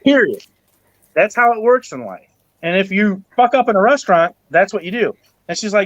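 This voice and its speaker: A man with a noticeably high voice hosts a casual podcast chat. He tells a long grievance story with lots of energy, acting out everyone he quotes and cursing freely. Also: moderate pace, dry recording, muffled recording. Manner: animated, acts out quoted people, swears. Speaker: podcast host.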